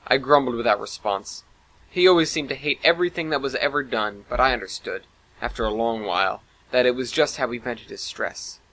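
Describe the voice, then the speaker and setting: Bright-voiced man narrating a story. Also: mid-range voice, a little fast, poor audio. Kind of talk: first-person story narration.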